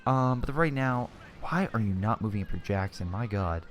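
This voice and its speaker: A man's voice: lowish voice, expressive, normal speed, slight background noise. A young man giving casual commentary over a strategy game replay, chatty and exclamatory, often restarting his sentences.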